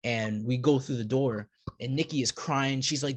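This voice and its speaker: A man speaks as a podcast guest recounting his own story, starting and restarting phrases and repeating words before he finds the next thought. His voice sits at an ordinary middle pitch, and the sound is close and dry, with no room around it. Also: no echo. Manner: halting, repeats words while searching for them. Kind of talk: personal storytelling.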